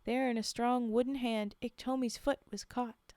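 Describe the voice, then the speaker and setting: A woman's voice: fairly high pitch, steady tone, moderate pace, darkish tone, no echo. A woman streamer reading folktales aloud on a live stream, breaking off for laughing asides to her chat. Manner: laughing asides to chat between read passages.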